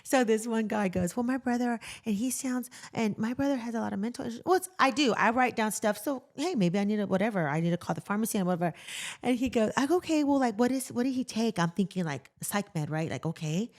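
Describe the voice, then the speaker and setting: A middle-aged woman, a nurse co-hosting a casual podcast and telling animated stories. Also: a little high, quick pace. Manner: animated storytelling, acts out quotes loudly. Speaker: podcast co-host, jail nurse. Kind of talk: casual chat.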